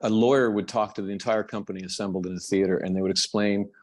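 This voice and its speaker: An older American actor chatting as an interview guest, animated and self-deprecating, laughing easily. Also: male voice, lowish voice, fast talker. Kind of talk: casual interview chat.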